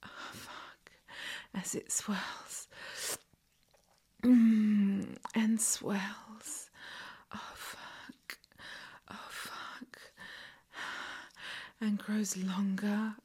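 A woman in a whispered role-play as a masseuse, talking in slow, teasing, breathy whispers. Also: medium pitch, little pitch movement, mellow.

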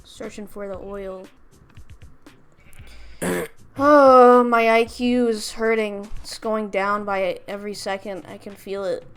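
Woman on stream, slow deadpan crude jokes, bit of music in the back. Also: medium pitch, clean tone. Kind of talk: casual stream chat.

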